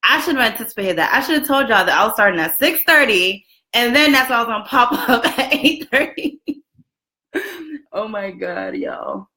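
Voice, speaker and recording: A woman in her twenties hosting a casual live video chat from a room at home, chatty and lively, greeting viewers by name and laughing often. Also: a little high, normal speed. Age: 20s. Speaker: livestream host. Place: room at home with a roommate next door. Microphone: camera and phone set up for a live stream.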